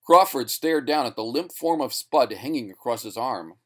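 A male narrator reading a short story as scripted narration. His delivery is steady, in a mid-range voice. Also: medium pitch, moderate pace.

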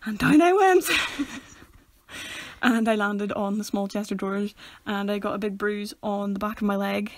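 A woman's voice: mid-range voice, monotone, normal speed, no echo. A young woman co-hosting a casual podcast, telling a childhood story and laughing through it. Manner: giggly storyteller, laughs through her anecdotes. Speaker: podcast co-host. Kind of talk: casual chat.

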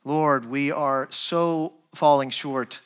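A man preaching a sermon as pastor, earnest, rising to emphatic points and dropping to soft, quiet asides. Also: fairly high pitch, fairly even intonation, slow, smooth. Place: church.

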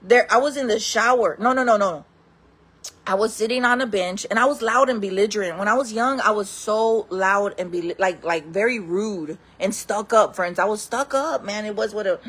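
A woman vlogger telling wild stories in casual talk, laughing often, calling her viewers friends and acting out other people in loud voices. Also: mid-range voice, breathy edge. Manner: acts out quoted people in loud raised voices.

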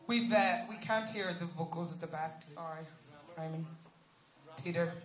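A woman's voice: on the low side, normal speed, soft background music. A woman fronting a band, chatting and joking with the audience between songs at a live gig in a village hall. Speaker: band singer talking to the audience. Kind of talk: live stage banter.

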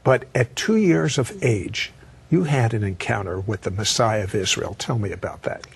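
A man's voice: lowish voice, normal speed, creaky, breathy edge. A man hosting an interview, prompting his guest with curious questions. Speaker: host.

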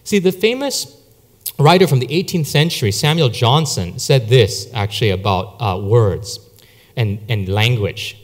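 A man preaching a sermon as a pastor, telling stories in a conversational, animated way. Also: medium pitch, measured pace. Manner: conversational storytelling, lively. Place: church sanctuary. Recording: long church hall reverb.

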